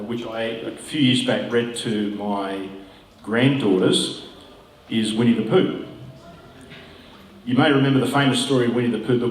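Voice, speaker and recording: Man, 60s, pastor's talk, conversational, low voice, echoey, far mic. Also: slight background noise. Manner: conversational, musing, with asides and fillers. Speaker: pastor and guest speaker. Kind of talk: informal talk to an audience. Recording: roomy hall, distant mic.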